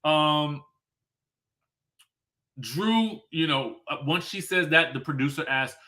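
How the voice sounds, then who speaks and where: A male commentator recapping gossip in a loose, casual way, peppering his talk with "okay" and rapid rhetorical questions. His voice is bright and animated, rising and falling with lively intonation. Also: fairly high pitch.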